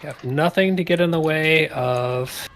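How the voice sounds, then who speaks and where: Brief: slightly high male voice, relaxed wry group leader in gaming chat. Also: slight background noise. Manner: relaxed, wry explanations with quick laughs.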